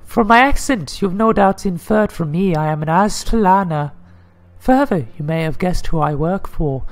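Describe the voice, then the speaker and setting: A man doing a falsetto lady executive. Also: expressive, normal speed, faint music behind. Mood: guarded. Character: nervous female corporate executive, composed but frightened.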